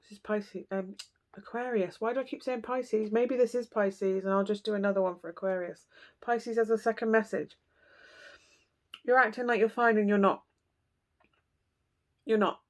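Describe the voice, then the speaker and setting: A woman's voice: mid-range voice, fairly even intonation, normal speed, pauses often. A woman in a mid-range voice gives a casual tarot reading straight to her viewers. She talks bluntly and chattily, full of fillers and asides. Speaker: tarot reader.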